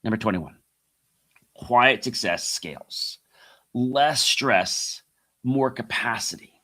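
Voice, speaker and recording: A man's voice: medium pitch, lively intonation, takes it slowly, pushed and bright. A middle-aged man hosting a motivational talk, repeating his key phrases and asking the listeners rhetorical questions. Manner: addresses listeners as guys. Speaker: podcast host and coach. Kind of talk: motivational monologue.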